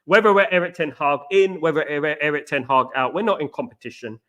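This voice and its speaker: Man, East London accent, fan stream host, bright tense voice, fairly high, emphatic and repetitive. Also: a little fast. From East End of London. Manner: emphatic, repetitive, addresses viewers as mates. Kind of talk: live match-day stream chat. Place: home in an apartment complex abroad.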